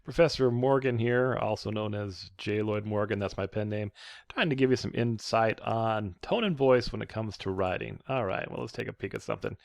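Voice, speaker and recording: A writing professor gives a casual, rambling lecture with slides, full of fillers and restarts. His voice is lowish and creaky, his pace moderate, and there's no echo.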